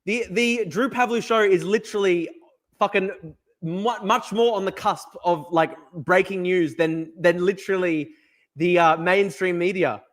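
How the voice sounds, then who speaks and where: A man's voice: measured pace, fairly bright tone. A man hosting a live-streamed news show who reacts to chat, swears hard and repeats himself for emphasis. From Australia. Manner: profane, emphatic, repeats himself, mocks in a high voice. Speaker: livestream news host.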